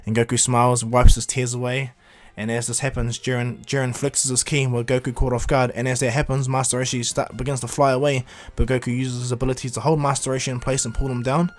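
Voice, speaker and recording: A man's voice: medium pitch, little pitch movement, fast, hardly any pauses. A man casually retelling a fan-made anime story on his channel, rambling with restarts. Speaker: YouTube storyteller.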